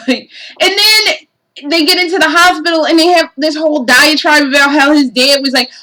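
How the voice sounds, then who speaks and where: A woman's voice: high voice, normal speed, pushed and bright, low-quality recording. A woman giving a casual game review, profane and exasperated, ranting animatedly.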